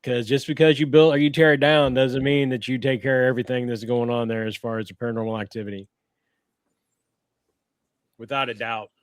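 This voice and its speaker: A man's voice: mid-range voice, steady tone, brisk, no echo. A man with a Midwestern American accent, co-hosting a paranormal podcast, chatting in an easygoing, joking way. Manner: easygoing, joking, chimes in with short replies. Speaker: paranormal investigator and podcast co-host. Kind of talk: casual chat.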